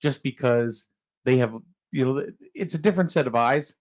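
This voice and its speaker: A man's voice: mid-range voice, moderate pace. A man hosting a casual local morning radio show, rambling with fillers and chuckling as he talks.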